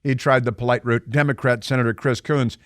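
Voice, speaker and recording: A man's voice: medium pitch, fairly even intonation, fairly quick, background noise. Sarcastic male talk radio host. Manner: combative, sarcastic, asks mocking rhetorical questions. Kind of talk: opinionated talk radio monologue. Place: radio studio. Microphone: studio microphone.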